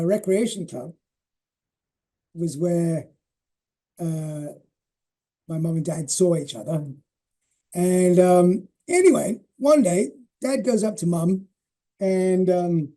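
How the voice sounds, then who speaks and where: A man in his sixties telling family stories in a rambling, affectionate way for a legacy interview. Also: high-pitched. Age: 60s. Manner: warm, rambling, many fillers and restarts. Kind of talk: reminiscing personal storytelling.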